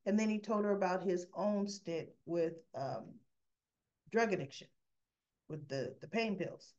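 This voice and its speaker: A woman's voice: on the low side, expressive, unhurried, a little mellow, muffled recording. A woman hosting a soap opera recap, chattily retelling scenes as "he goes, she goes.". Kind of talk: casual storytelling recap.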